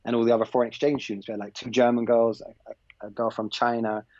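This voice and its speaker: A man in his thirties with an English accent, a podcast guest telling a story in a relaxed, rambling way and acting out the dialogue. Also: medium pitch, fast talker, dry recording, lo-fi sound. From England. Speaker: podcast guest, former basketball player. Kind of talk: casual anecdotal storytelling.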